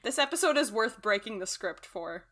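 A young adult woman co-hosting a casual podcast over a remote mic. Her voice sits high and swings widely in pitch as she talks bluntly and emotionally, cursing and half-laughing. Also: animated, moderate pace, fairly bright tone. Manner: emotional, swearing, breaking into tears and laughs. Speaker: podcast co-host.

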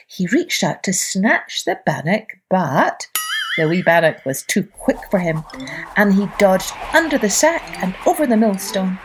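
A woman hosting a children's storytelling podcast, reading a folk tale aloud in a lively, expressive way. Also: medium pitch, normal speed, soft background music.

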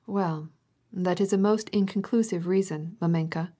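A woman reading as a calm skeptical young nobleman. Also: lowish voice, normal speed, husky.

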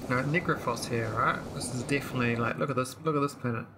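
A gameplay streamer casually commentates his own let's-play, thinking out loud with plenty of fillers and restarts. He has a mid-range voice and talks fast over a noisy background.

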